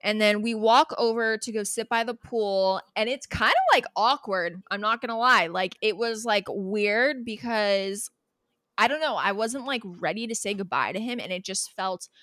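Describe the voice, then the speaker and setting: A woman's voice: medium pitch, moderate pace, no echo. A young woman co-hosting a casual podcast recaps her own story, putting on voices for the people in it and laughing as she goes. Her voice sits in the middle of her range and comes across dry and close, with no room sound. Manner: animated storyteller, acts out quoted people, laughs often. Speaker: podcast co-host. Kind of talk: casual chat recapping a reality show.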